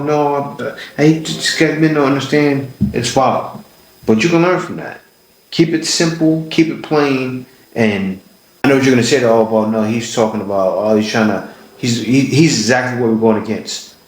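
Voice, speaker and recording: A man's voice: medium pitch, echoey room, poor audio. A man hosting a commentary channel, reacting to clips in a blunt, emphatic, lecturing way.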